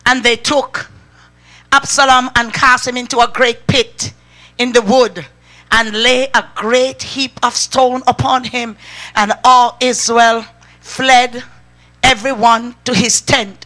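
A woman's voice: on the high side, fairly even intonation, takes it slowly, pushed and bright. A woman preaching a sermon in an emphatic way, urging the congregation to respond.

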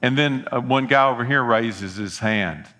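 A man's voice: mid-range voice, moderate pace, bright, forceful tone. A middle-aged man, preaching a sermon and telling folksy personal stories with earnest appeals. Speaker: pastor.

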